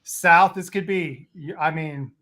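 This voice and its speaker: A man's voice: on the high side, takes it slowly, a bit bright. A man from Southern Illinois chats casually as co-host. He talks in a folksy, joking way. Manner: folksy, jokey. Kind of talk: casual chat.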